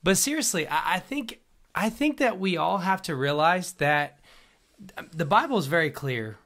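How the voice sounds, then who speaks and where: A man's voice: high voice, lively intonation, normal speed, a bit bright. A young man co-hosting a casual faith podcast, joking and laughing often as he talks. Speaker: podcast co-host.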